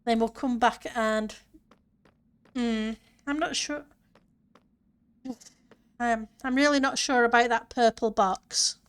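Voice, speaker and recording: A woman's voice: on the high side, fairly even intonation, slow, long pauses, clean tone. A woman streamer chatting casually with her viewers and answering chat while she plays a building game. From northern part of her country.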